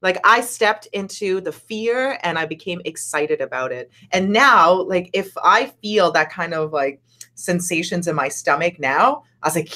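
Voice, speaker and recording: A woman co-hosting a casual live-stream chat, her voice sitting a little low. She talks in an animated way, leaping upward in pitch whenever she gets excited. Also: unhurried. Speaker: co-host.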